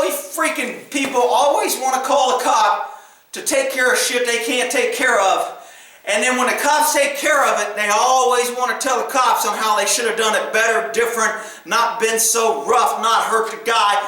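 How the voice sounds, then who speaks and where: A middle-aged man, a former police officer, casually telling a story, animated, laughing often and acting out loud quotes. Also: very high voice, very echoey, rough recording.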